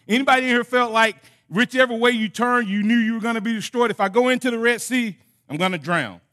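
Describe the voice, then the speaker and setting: A man preaching a sermon in a high, bright voice. He acts out conversations between God and his listeners with lively emphasis. His delivery is animated and direct. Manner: animated preaching that drops to a soft closing prayer. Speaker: pastor.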